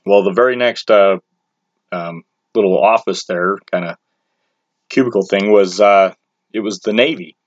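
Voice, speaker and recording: In a casual personal story, a man with a fairly low voice rambles loosely, using crude slang and restarting sentences. He speaks a little slowly with frequent pauses. The audio is dull and lo-fi, dry with no room echo.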